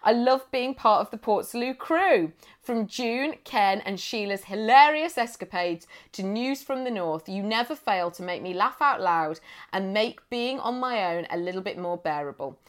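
A woman's voice: medium pitch, expressive, moderate pace. A woman co-hosting a podcast, bubbly and playful, laughing often while reading listener mail. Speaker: podcast co-host. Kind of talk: casual chat, reading listener mail aloud.

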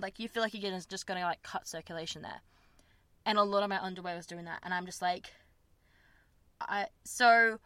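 A young woman hosts a podcast, speaking frankly and rambling about her personal life with plenty of fillers and self-conscious laughs. Her voice is medium-pitched with a sharp tone, and the recording is dry.

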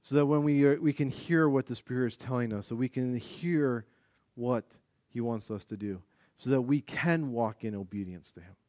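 Male pastor, sermon delivery, animated storyteller, smooth voice, dry sound. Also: mid-range voice, moderate pace, no room sound. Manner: animated storytelling, demonstrating actions.

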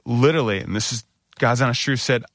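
A middle-aged man casually telling a self-mocking story, acting out other people's lines with big jumps in pitch. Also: quick pace, a bit bright, dry recording, studio quality.

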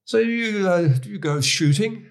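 A man's voice: sits high, expressive, measured pace, voice pushed up. A man voicing a genteel older male country landowner who asks questions in a plummy, polite way.

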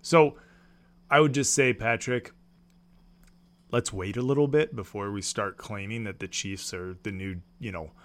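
A man co-hosting a casual sports podcast, arguing his point in halting, drawn-out sentences. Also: lowish voice, fairly even intonation. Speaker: podcast co-host.

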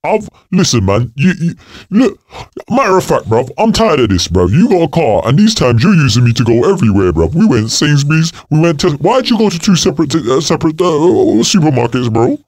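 Man doing fed-up talking legs, deep gruff mutter, very swoopy delivery. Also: big pitch swings, fairly quick, darkish tone, no room sound, clean studio sound. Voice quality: low gruff mutter, slangy. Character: grumpy overworked male legs, fed up.

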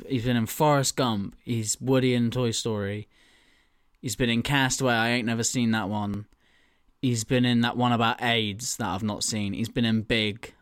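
A man's voice: mid-range voice, no echo, clean studio sound. A man co-hosting a casual podcast, thinking aloud as a quiz contestant, swearing freely and laughing.

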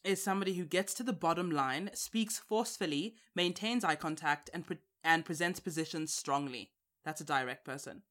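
A woman's voice: low voice, moderate pace, fairly bright tone. A woman hosting a casual podcast chat, teasing and dry in manner. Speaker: podcast host.

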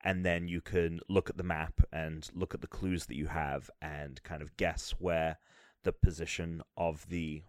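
A man's voice: deep voice, flat delivery, a little slow, no room sound, clean studio sound. A man talking casually about a video game, hesitant, with many fillers and restarts. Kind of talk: casual chat.

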